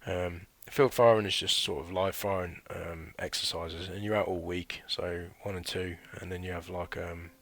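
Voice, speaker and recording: A man's voice: low voice, fairly even intonation, normal speed, vocal fry, hardly any pauses, a bit bright, no room sound. A man in his thirties telling a chatty, rambling story about his military training in a casual vlog. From United Kingdom. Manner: rambling and chatty, full of fillers and slang. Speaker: former recruit recounting training.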